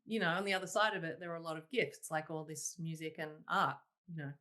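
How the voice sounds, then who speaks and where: A woman, a singer-songwriter guest telling her stories in a casual interview, animated and laughing, quoting herself in exclaimed asides. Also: low voice, fast talker. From Australia.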